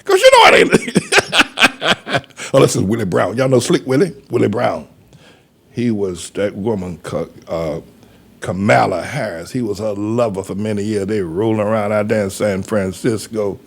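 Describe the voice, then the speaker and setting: A man's voice: fairly low pitch, normal speed, gravelly, darkish tone. A man, a pastor, rambling through a folksy commentary monologue with chuckling asides.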